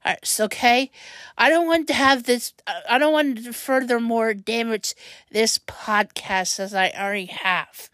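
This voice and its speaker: A woman hosting her own podcast, upset and near tears, rambling and tripping over her words. Her voice sits a little high and she speaks slowly and haltingly. The sound is close and dry. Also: fairly bright tone, no echo. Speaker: podcast host. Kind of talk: personal monologue podcast.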